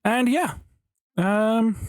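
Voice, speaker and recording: A man with a high, smooth voice talks very slowly over a clean studio recording with no echo. As a Minecraft YouTuber building at home, he rambles through stories in a chatty, giggly gameplay commentary.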